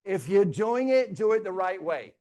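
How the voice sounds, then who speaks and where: High-voiced man teasing a live audience. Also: very animated, normal speed. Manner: theatrical, teasing, swings loud and soft. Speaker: real estate trainer. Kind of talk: live training talk to an audience. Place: stage before a live audience.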